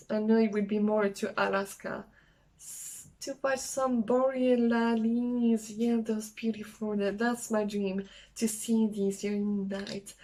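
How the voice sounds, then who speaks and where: Woman, French accent, young adult, casual vlog chat, halting with fillers, somewhat high voice. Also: low-quality recording. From France. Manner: chatty, halting, with many fillers. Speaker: travel vlogger. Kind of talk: casual solo vlog talk.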